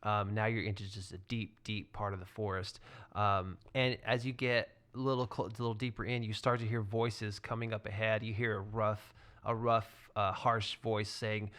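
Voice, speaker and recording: A man narrating as game master in a tabletop game, relaxed and full of fillers and restarts. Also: fairly low pitch, moderate pace, hardly any pauses, clean tone.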